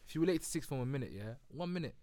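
A young man, telling a school story in a low-key, mumbled way. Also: expressive, racing, background noise. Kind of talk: casual chat.

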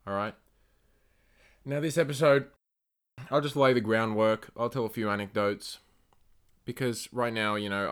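A man hosting his own solo podcast, rambling and swearing through rants that flare up loud and high when he gets angry. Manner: rambling, profane, ranting. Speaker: podcast host.

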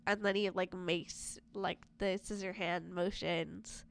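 A woman's voice: mid-range voice, flat delivery, slow pace, gravelly, fairly bright tone, clean tone. A young woman casually discussing a movie, chatty and full of filler words.

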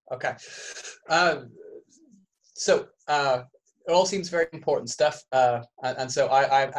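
A male podcast co-host with a mixed English and Canadian accent, who jokes at his own expense and stumbles over his first words, speaking into a studio microphone. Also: medium pitch. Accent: mix of English and Canadian. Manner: joking, self-mocking, repeats words when starting. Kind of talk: casual chat.

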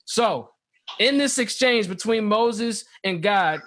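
A man in a casual Bible discussion, reading scripture slowly and acting out the dialogue with animation. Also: high-pitched, expressive, a bit bright. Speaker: podcast co-host teaching scripture.

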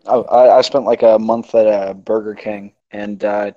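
A young man from Canada telling a work story in casual chat, animated and swearing, mimicking customers. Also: lowish voice, moderate pace, no echo, muffled recording. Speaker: friend in group chat.

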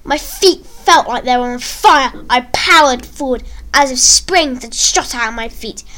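A woman reading a first-person story aloud in an earnest, expressive way. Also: high voice, measured pace. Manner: earnest, expressive read-aloud with acted quotes.

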